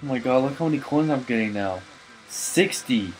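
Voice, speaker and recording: A drunk man doing gaming commentary, cursing, shouting and laughing as he plays. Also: mid-range voice, animated, normal speed, faint music behind, poor audio. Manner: profane, loud outbursts and laughing. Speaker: let's player.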